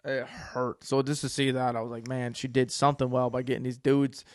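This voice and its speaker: A young man co-hosting a podcast, telling a story in a casual, profane way, dropping to a hush and then bursting out loud. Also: medium pitch, fairly quick, no echo, studio quality. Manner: animated storytelling, profane, swings from hushed to loud. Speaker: podcast co-host. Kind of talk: casual chat.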